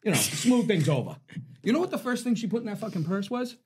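Man, high lively voice, profane, laughing, faint background noise. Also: quick pace. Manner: animated, profane, laughing storyteller. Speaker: podcast co-host. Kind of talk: casual storytelling chat.

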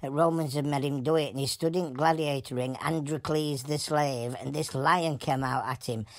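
Woman playing a Yorkshire animal, low voice, deadpan, rambling storyteller, dry close sound. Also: normal speed, no echo. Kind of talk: comic animal voice-over.

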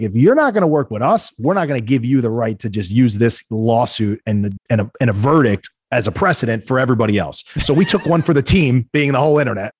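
A man, a guest entrepreneur, telling business stories in a lively, conversational way and acting out the other people in them. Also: mid-range voice, slightly rough, no room sound, studio quality. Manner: animated, acts out quoted voices. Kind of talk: conversational storytelling.

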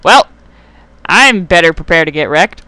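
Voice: medium pitch, lively intonation, unhurried, pushed and bright, smooth, no room sound. A young adult gamer giving casual let's play commentary, swearing often, getting worked up and talking back to the game.

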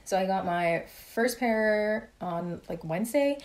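A young adult woman chatting casually in a haul vlog, rambling and excitable as she shows her shoes. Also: mid-range voice, measured pace. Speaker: vlogger.

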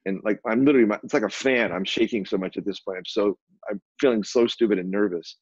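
A man, a photographer and publisher, telling an animated anecdote as an interview guest, with many restarts. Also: fairly low pitch, fast, slightly rough, no echo, highs cut off. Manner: animated, acts out quoted dialogue, frequent restarts.

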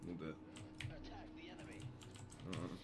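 A man's voice: very deep voice, little pitch movement, takes it slowly, heavy background noise. A young man commentating casually on his own gameplay, sweary and sarcastic, with sudden yelps and laughs.

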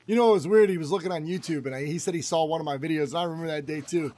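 A man's voice: on the high side, very fast, dark tone. A man giving casual let's-play commentary as a gaming channel host, rambling, repeating himself and swearing freely.

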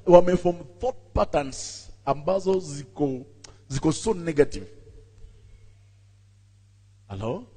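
A man, a pastor, preaching a sermon and telling a story with animated voices while calling out to his congregation. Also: sits high, vocal fry, breathy edge. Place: church. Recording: long reverb in a church hall.

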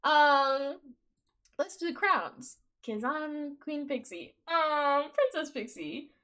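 With a high-sitting voice and an unhurried pace, a young woman narrates her game on a live stream, gossiping eagerly, swearing liberally and breaking out laughing.

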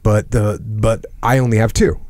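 Deep-voiced man with a dry delivery. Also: little pitch movement, moderate pace, darkish tone, no room sound. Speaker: podcast host. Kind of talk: casual chat.

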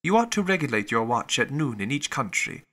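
Shrewd suspicious detective, measured and probing, lower and calmer, read by a male narrator. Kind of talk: audiobook character reading.

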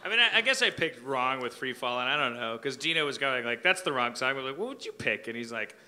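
A man's voice: medium pitch, lively intonation, fast talker, pushed and bright, a little hiss or hum. A man hosting a comedy podcast live on stage, rambling through stories with a laughing audience. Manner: rambling storyteller, mock-sings lyrics. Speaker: podcast host.

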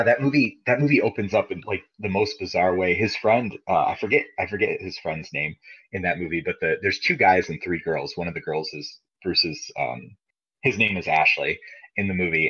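Casting: low-voiced man from Michigan, bright forceful tone, rambling swearing podcast storyteller. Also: breathy edge. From Michigan, USA. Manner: rambling storyteller with many fillers, swears freely. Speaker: podcast co-host. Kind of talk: casual chat. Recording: dull lo-fi podcast audio.

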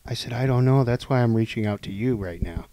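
A man on a podcast telling a long story casually, acting out the people in it and swinging between loud and hushed delivery. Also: medium pitch, a little fast, background noise. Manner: animated, acts out quoted dialogue, swings between loud and hushed. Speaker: podcast co-host.

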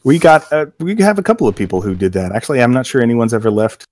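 A middle-aged man in casual chat, telling a story about his job with quick quoted voices. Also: mid-range voice, no room sound. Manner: animated anecdote with acted quotes. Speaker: game company co-worker telling his hiring story.

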